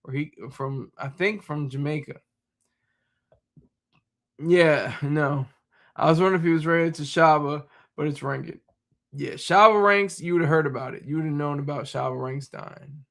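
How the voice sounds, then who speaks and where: A man's voice: fairly high pitch, moderate pace, creaky, fairly bright tone. A man streaming live, rambling in casual chat and often laughing while he answers his audience.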